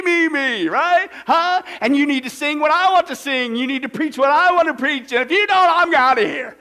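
A man's voice: very high voice, full character voice. A man voicing a self-centered churchgoer who demands that everything revolve around him. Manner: loud, boastful, demanding.

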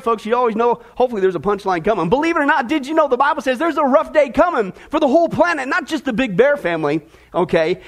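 A man preaching a sermon as a pastor, chatty and jokey, teasing his congregation before turning earnest. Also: very high voice. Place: church service before a congregation.

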